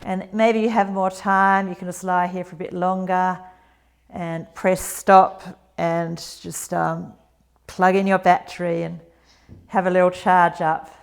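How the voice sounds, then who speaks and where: A woman in her forties teaching a yoga routine, gentle and encouraging with chatty asides. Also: lowish voice, little pitch movement, unhurried, vocal fry, smooth. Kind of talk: guided exercise instruction.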